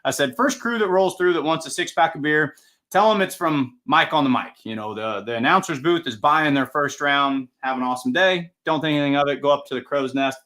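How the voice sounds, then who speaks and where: A young man with a bright, forceful voice, chatting as co-host of a casual podcast. He tells stories with lively energy, and his voice sits a bit high for a man. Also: fairly quick. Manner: lively storyteller, acts out voices. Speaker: event announcer and co-host.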